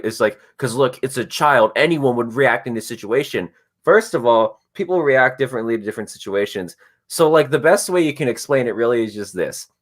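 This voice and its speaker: A man hosting a casual podcast chat, telling stories with quick voiced asides. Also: medium pitch, fairly bright tone. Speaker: podcast host.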